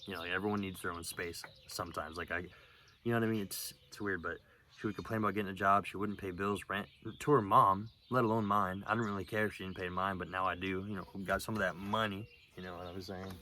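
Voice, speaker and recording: Low-voiced young man, rambling and profane. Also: fairly even intonation, sharp tone, slight background noise. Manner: rambling, profane, halting with many fillers. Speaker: vlogger. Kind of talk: casual storytelling monologue.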